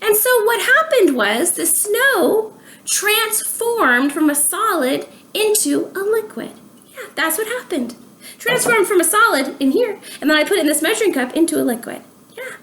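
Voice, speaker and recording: A woman's voice: extremely high pitch, sing-song, moderate pace, fairly bright tone, slight background noise. A woman teaching a preschool science lesson at home, counting aloud and asking questions, stretching her words for small children. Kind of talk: slow, sing-song lesson for young children.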